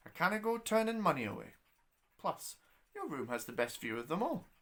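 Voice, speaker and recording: A woman's voice: on the low side, very animated, fairly bright tone, voice pushed up. A man putting on a sly old Scottish landlady. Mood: brisk, sly. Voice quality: brisk, dry and bossy. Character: shrewd old Scottish landlady, small, sharp-tongued.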